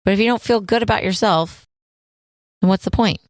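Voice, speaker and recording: A woman's voice: mid-range voice, fairly quick, dry recording, studio quality. A woman co-hosting a casual chat show, playful and teasing, laughing often as she talks about her kids. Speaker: podcast co-host.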